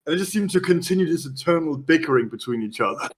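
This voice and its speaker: A man narrating a tabletop horror game as game master, in a lively, casual way. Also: fairly high pitch, fast talker.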